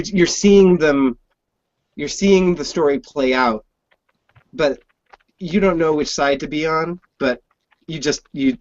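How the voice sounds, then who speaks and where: A man's voice: medium pitch, dry recording. A man hosting a podcast, talking enthusiastically about the books with many stumbling restarts. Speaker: podcast host. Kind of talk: podcast interview chat. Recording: dull, dry lo-fi audio.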